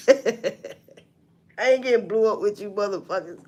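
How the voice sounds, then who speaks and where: A woman's voice: high-pitched, normal speed. A woman hosting a live stream, reading news items aloud and reacting with profane, mocking commentary. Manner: animated and profane, mocking news quotes, laughing, swinging from loud to mutter. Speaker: livestream host.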